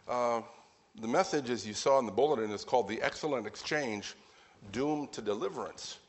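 A man preaching a sermon at a brisk pace, stressing his points and repeating them. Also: medium pitch.

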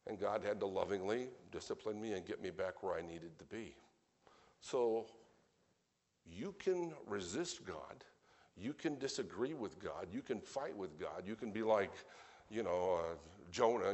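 A man preaching a sermon in an earnest, emphatic way, with plain conversational asides between points that swell suddenly in loudness. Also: deep voice, measured pace.

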